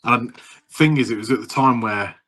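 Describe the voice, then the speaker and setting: A man in his thirties with a husky, slightly breathy voice, co-hosting a casual podcast chat. He rambles from story to story, laughs easily and swears freely. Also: medium pitch, normal speed, fairly bright tone. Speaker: podcast co-host.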